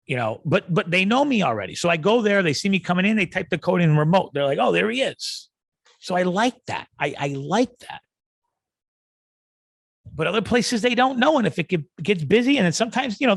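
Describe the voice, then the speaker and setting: Gravelly ranting podcast host, man. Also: high-pitched, expressive, a little fast, dry recording. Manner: ranting, rambling, acts out yelling. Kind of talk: comedic rant.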